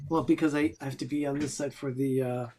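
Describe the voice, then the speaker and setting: A man's voice: mid-range voice, steady tone, fast, crowd noise. A man co-hosting a casual watch party, easygoing and matter-of-fact. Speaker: co-host.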